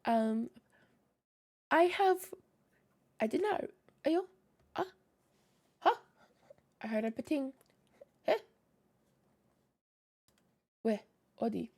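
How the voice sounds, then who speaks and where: A woman's voice: a little high, expressive, extremely slow, pauses often, a little mellow. A young woman streamer with a scratchy, tired voice, chatting casually with viewers, rambling with many fillers and frequent laughs. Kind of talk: casual livestream chat with viewers.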